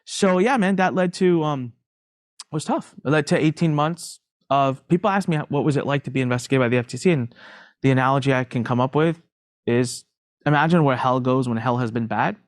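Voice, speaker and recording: A middle-aged man, a podcast guest, telling his story candidly in an emphatic, animated way and repeating phrases for emphasis. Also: medium pitch, a little fast, no room sound, studio quality.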